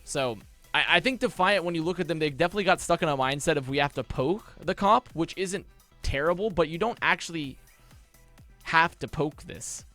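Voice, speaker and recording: High, bright-voiced young esports analyst. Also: male voice, soft background music. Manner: rapid, swearing, restarts, excitable. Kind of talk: casual match breakdown commentary.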